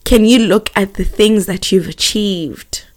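A gentle, patient grandmother offers comfort, as a young woman quotes her. The speech is soft and reassuring and stays slow and calm. The pitch sits at a middle level. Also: close to an everyday voice. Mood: soothing.

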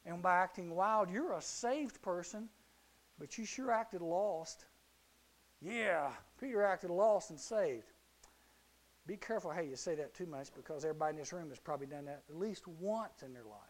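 A man with a high voice delivers a youth sermon. He tells the story animatedly, slipping into different characters and rising to shouts at the peaks. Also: lively intonation, normal speed. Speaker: youth preacher.

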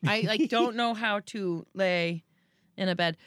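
A woman's voice: mid-range voice, measured pace, smooth, dry recording, studio quality. A woman in her thirties chatting casually as a podcast co-host, telling stories and acting out the lines she quotes. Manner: animated storyteller, acts out quotes. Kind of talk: casual chat.

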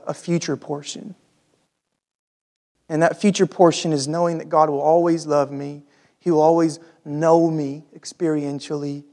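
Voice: medium pitch, dark tone. A pastor giving a sermon, reading scripture aloud and explaining it in an informal, conversational way, with rhetorical questions and frequent fillers.

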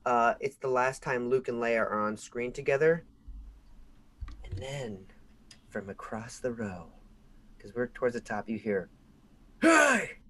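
A young man co-hosts a casual podcast chat, spinning a long story. He talks in an animated way and his voice jumps up high and loud whenever he acts out what others shouted. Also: a little slow, pauses often. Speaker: podcast co-host.

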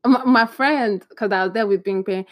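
A young woman in casual storytime chat, chatty and animated, acting out bits of dialogue with exclamations. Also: medium pitch, normal speed, no room sound, clean studio sound. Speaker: vlogger.

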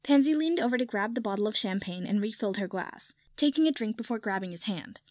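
A woman narrating a piece of fan fiction aloud in a steady storytelling manner. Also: medium pitch, fast talker, dry recording. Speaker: reader.

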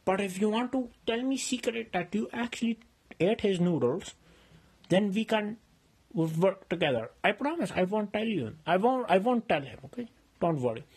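Man putting on hot-tempered accuser, broken English, husky, insulting, comedy skit. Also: high-pitched, animated, normal speed, a little mellow, full character voice. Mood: coaxing. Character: hot-tempered adult man accusing a friend of stealing food.

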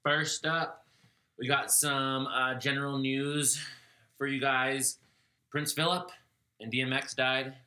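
A man's voice: medium pitch, flat delivery, slow, pushed and bright. A man in his twenties hosting a casual podcast chat, sounding congested, laughing and swearing often. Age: 20s. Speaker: podcast host.

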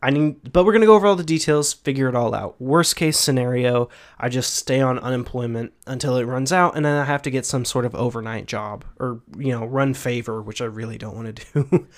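A man's voice: mid-range voice, a little fast, hardly any pauses. A young man in his twenties co-hosting a podcast, chatting casually, laid-back, swearing and laughing now and then. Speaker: podcast co-host. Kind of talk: casual chat.

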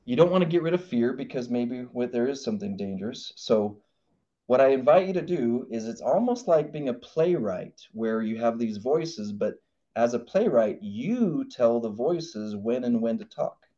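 An animated man from Idaho gives a motivational podcast talk, acting out voices, on a dull lo-fi recording. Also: mid-range voice, normal speed. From Idaho, United States. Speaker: podcast host.

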